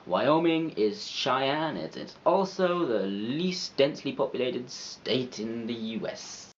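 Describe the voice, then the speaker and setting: A man's voice: mid-range voice, lively intonation, slow pace, highs cut off, a little hiss or hum. A man narrating an educational video with playful, chatty, self-mocking asides. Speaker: video creator.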